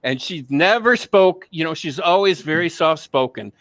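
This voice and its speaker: A man with a fairly high voice that swings widely in pitch, chatting on a podcast. He rants in blunt, crude jokes. The sound is dry and close. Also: expressive, normal speed, fairly bright tone, no room sound. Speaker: co-host. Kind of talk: casual podcast chat.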